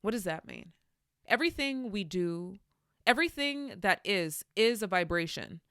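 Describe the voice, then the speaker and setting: Hosting her own podcast, a young adult woman tells stories candidly and muses on spiritual matters in a reflective monologue. Her medium-pitched voice is expressive, smooth and fairly bright at a normal speed, captured dry with clean studio sound.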